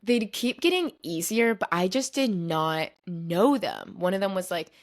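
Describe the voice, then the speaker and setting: Chatty young woman, lower voice. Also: sing-song, unhurried. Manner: chatty, fills speech with "like". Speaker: podcast host. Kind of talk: casual storytelling monologue.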